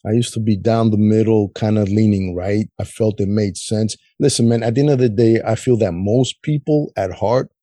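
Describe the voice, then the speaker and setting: A man talks politics in loose, profane chat, dropping "man" and "you know" everywhere. His voice sits low and mellow with a husky edge. The sound is dry and close. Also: steady tone, normal speed, hardly any pauses, dry recording. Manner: blunt, heavy swearing, says "man" often. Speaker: podcast co-host.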